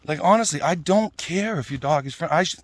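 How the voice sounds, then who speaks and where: A man's voice: on the high side, lively intonation, fairly quick, no room sound. A man ranting casually, blunt and swearing, often tagging "right?" and "you know?". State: out of breath at times. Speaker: vlogger.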